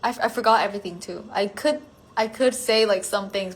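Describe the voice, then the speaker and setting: A young woman chatting casually with viewers on a phone livestream, rambling with lots of fillers and often trailing off into a hush. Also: mid-range voice, fairly even intonation, a little fast, creaky. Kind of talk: casual chat.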